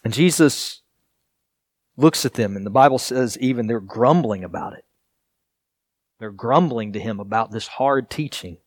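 A male pastor delivering a sermon in an earnest, deliberate way, leaning on repetition and pauses for emphasis. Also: medium pitch, dry recording, clean studio sound.

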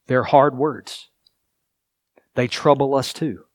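A male pastor delivering a sermon in an earnest, deliberate way, leaning on repetition and pauses for emphasis. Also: medium pitch, no room sound.

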